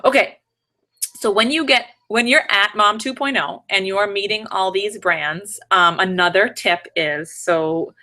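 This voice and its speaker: A woman's voice: mid-range voice, unhurried, bright, forceful tone. A woman in her thirties chatting casually to her viewers from home, rambling through tips with joking asides. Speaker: vlogger giving conference tips. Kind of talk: casual live-stream chat. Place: home, third floor room.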